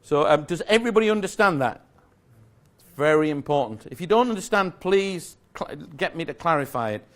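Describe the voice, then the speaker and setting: A man's voice: a little high, lively intonation, a little fast, fairly bright tone. A man giving a live magic lecture to an audience, explaining step by step in a chatty, self-correcting way with small jokes.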